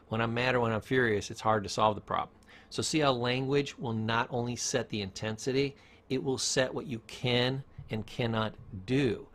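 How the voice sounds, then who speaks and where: Middle-aged male lecturer, mid-pitched, conversational and emphatic, casual teaching delivery. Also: fairly bright tone. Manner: conversational, emphatic, acts out quotes. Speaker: former therapist teaching a self-help course.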